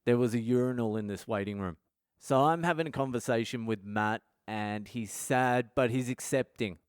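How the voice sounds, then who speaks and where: A man's voice: medium pitch, moderate pace, clean tone, dry recording, clean studio sound. A man in his thirties, a podcast host telling a raw, profane, confessional personal story. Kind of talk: candid storytelling monologue.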